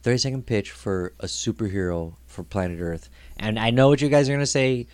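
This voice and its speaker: Animated young man telling stories. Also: fairly low pitch, brisk. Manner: animated storyteller, loud outbursts when acting out scenes. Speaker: podcast co-host. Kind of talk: casual chat.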